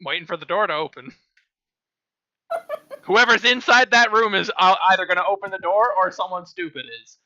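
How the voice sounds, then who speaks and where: A man playing a tabletop role-playing game, playful and quick to laugh as he describes his character's moves. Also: high-pitched, lively intonation, bright, forceful tone, no echo. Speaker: player. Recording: dry, dull sound.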